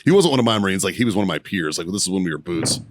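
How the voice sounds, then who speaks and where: Man, lowish voice, swings up and down a lot, laughs and swears, casual storytelling. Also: expressive, racing, slight background noise. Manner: laughing often, swearing, rambling with restarts. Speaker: podcast co-host.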